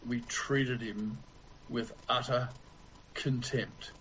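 A man preaching a sermon in a slow, deliberate way with long pauses. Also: medium pitch, steady tone, a bit bright, slight background noise, poor audio.

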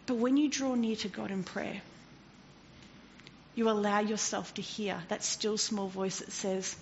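A woman preaching a sermon in an animated way, swinging from loud to hushed and often laughing. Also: mid-range voice, measured pace. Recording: dull lo-fi recording with faint noise.

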